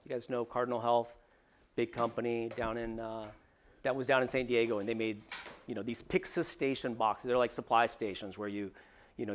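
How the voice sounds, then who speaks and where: A man as guest speaker at a workshop, telling a story in a casual way with many fillers and acted-out quoted dialogue. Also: medium pitch.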